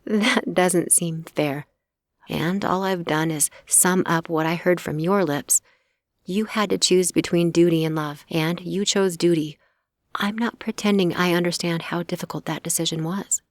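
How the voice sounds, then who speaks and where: A woman's voice: fairly low pitch, steady tone, a little slow, dry recording, natural voice. A woman voicing a defiant young vampire slayer who speaks sharply.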